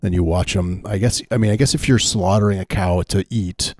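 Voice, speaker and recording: Low, mellow man, halting deadpan chat. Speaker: podcast co-host. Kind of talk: casual chat.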